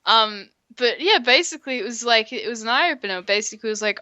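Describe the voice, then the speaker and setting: A woman's voice: fairly high pitch, lively intonation, fast, pushed and bright, no echo, lo-fi sound. A young woman co-hosting a podcast, teasing and laughing as she retells a story. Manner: teasing, laughing, acts out past exchanges. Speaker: podcast co-host. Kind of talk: casual chat.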